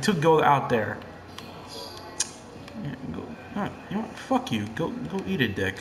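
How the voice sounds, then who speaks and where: Excitable, cursing young man gaming. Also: fairly high pitch, unhurried, pauses often, roomy sound. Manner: excitable and profane, swinging between hushed muttering and loud yelling. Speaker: gamer. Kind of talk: casual gameplay commentary.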